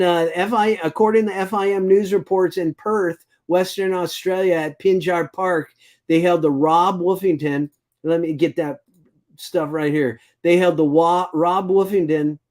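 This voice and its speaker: A man's voice: a little high, darkish tone. A man hosting a casual speedway news rundown, rambling and stumbling over foreign names as he goes. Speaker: show host.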